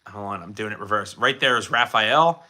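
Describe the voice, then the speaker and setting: Young male streamer, very bright tone, casual rambling chat answering viewers. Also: fairly low pitch, normal speed. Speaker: streamer showing his collection.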